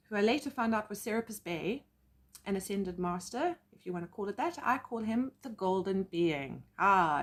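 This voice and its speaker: A woman with a South African accent telling personal stories as a psychic medium, animated and acting out quotes. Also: medium pitch. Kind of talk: casual storytelling vlog.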